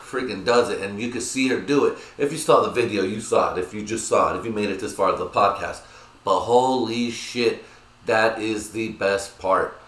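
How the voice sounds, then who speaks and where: A man hosting his own podcast, talking in a crude, rambling, excitable way with lots of filler. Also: on the low side, normal speed. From United States. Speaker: podcast host. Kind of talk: casual solo podcast rant. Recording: echoey room.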